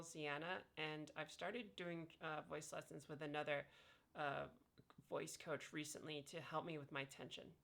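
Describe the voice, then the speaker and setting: A woman vlogger chatting casually while lying down, relaxed and thinking aloud with many fillers. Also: sits low, vocal fry. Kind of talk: casual chat. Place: indoors, lying down.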